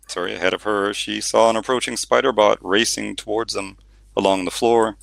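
A man narrating an audiobook in steady storytelling, with the odd reading slip. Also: fairly low pitch, vocal fry, no room sound. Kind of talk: scripted narration.

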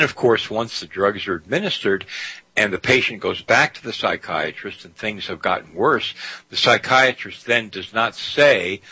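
Male radio host, emphatic monologue, bright tense tone, slightly husky, dry studio sound. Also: lowish voice, no room sound, rough recording. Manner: emphatic, repeats "you see".

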